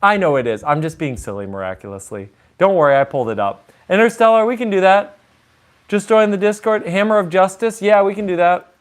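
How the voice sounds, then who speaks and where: A fairly high, slightly quick male voice belongs to a pianist live-streaming at his instrument. He chats casually, reads the chat aloud, and tosses in jokey asides while taking song requests, with piano music playing in the background.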